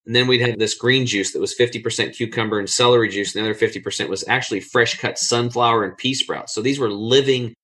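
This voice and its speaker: Man, podcast guest, bright edgy voice, middle pitch, animated storyteller, blunt and casual, acts out quotes. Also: fast talker, hardly any pauses. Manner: acts out others' lines in a raised voice.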